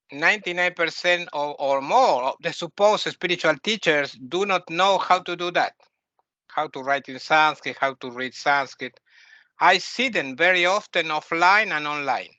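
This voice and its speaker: A man lectures on spiritual practice, blunt and opinionated, often circling back to repeat his point. His voice sits fairly high and sounds bright and tense. The recording is dry and a little dull. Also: no room sound. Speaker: spiritual teacher. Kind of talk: spoken lecture.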